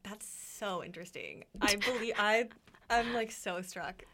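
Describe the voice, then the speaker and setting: Her mid-range voice sounds pushed and bright, and she takes her time. The young woman is co-hosting a radio show, chatting loosely with lots of "like" and frequent giggling.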